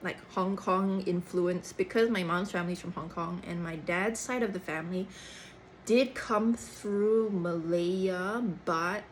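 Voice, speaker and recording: A young woman from Singapore with a Cantonese-tinged, third-culture Singaporean English accent, talking in a chatty, animated casual way. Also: fairly low pitch, measured pace, slight background noise, poor audio. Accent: Singaporean English with Cantonese influence, third culture. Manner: chatty, animated, frequent "like" and "lah". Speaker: actor. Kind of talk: casual chat.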